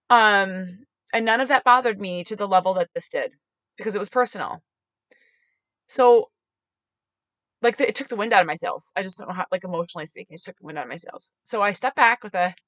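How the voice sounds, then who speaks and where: A woman's voice: mid-range voice, fast, fairly bright tone, dry recording. A woman hosting a podcast, telling a personal story in an emphatic, chatty way with lots of filler words. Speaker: podcast host and mayoral candidate.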